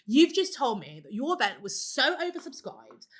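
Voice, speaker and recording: A woman hosting a podcast interview, talking in a blunt, emphatic, animated way. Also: high voice, normal speed. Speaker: podcast host. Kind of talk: casual interview chat.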